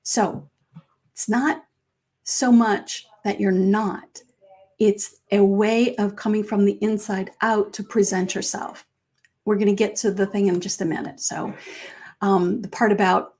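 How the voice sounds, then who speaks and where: A middle-aged woman life coach speaking to viewers in a conversational way, acting out quoted phrases with big jumps in pitch. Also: steady tone, unhurried, darkish tone.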